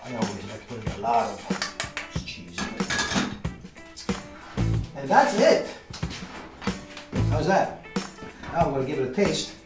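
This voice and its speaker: A cheerful home cook from Naples, speaking with an Italian accent, shows a recipe in his kitchen and chats loosely as he works. His medium-pitched voice swings widely, moving a little slowly with long pauses. The mic is far off in a roomy kitchen, with loud music.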